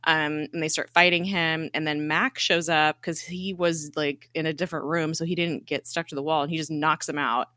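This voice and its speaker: A young woman with a low voice and a bright, forceful edge hosts a podcast and recaps a TV episode in loose, chatty speech full of "like" and "um," and she swears now and then. The recording is dry and close, with no room sound. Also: level tone, normal speed, few pauses, dry recording. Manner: chatty, fillers like "like" and "um", swears freely. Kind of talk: casual recap chat.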